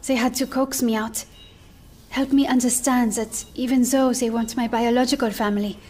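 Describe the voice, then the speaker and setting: An actress playing a shy, gentle young woman who speaks hesitantly. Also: fairly high pitch, steady tone, close to an everyday voice. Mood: somber. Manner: hesitant, halting. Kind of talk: game cinematic acting.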